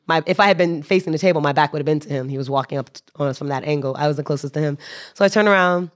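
A woman telling a story as a podcast guest, animated, laughing and restarting her sentences. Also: deep voice. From United States. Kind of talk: casual storytelling.

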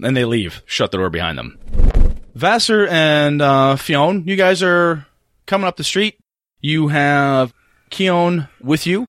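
A man narrating as game master of a tabletop role-play game, animated and full of fillers. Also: on the high side, unhurried, dry recording, studio quality.

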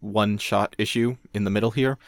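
A man's voice: fairly low pitch, fairly even intonation, creaky, dry recording, clean studio sound. A man co-hosting a casual podcast, giving enthusiastic, opinionated takes on comics. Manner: enthusiastic, opinionated, quick agreements. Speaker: podcast co-host. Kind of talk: casual comic-book discussion.

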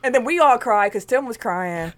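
A woman co-hosting a podcast tells stories in casual chat, animatedly acting out what people said. Her voice is fairly high and she speaks at normal speed, with crowd noise in the background.

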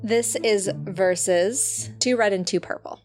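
A woman's voice: mid-range voice, unhurried, a little mellow, faint music behind. A woman narrating a tabletop role-playing game as game master in the second person.

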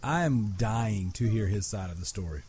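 A man co-hosting a podcast, chatting casually and excitably with lots of fillers. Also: on the low side, normal speed, slightly rough. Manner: excitable, uses filler words like 'like'. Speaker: podcast co-host. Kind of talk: casual chat.

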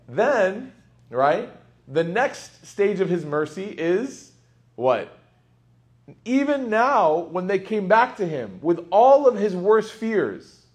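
A man giving a conversational lecture on Quranic commentary, animated and chatty with playful asides. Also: on the high side. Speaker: Islamic teacher.

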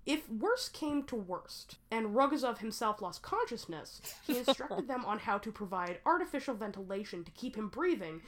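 A woman's voice: on the high side, very animated, normal speed, hardly any pauses, a little hiss or hum. A woman hosting a podcast, telling a history story in casual chat and often breaking into laughter. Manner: laughs often, reads history with joking asides. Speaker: podcast host.

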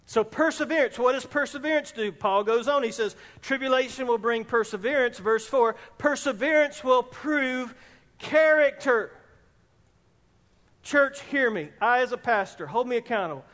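A man preaching a sermon as pastor of a church, speaking emphatically and rising at times almost to a shout. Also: very high-pitched, moderate pace. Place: church sanctuary. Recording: long reverb in a hall.

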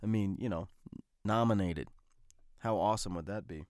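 A man's voice: lowish voice, moderate pace, darkish tone, no echo, clean studio sound. A man hosting a solo podcast, talking casually and rambling, with many fillers and restarts. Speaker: podcast host.

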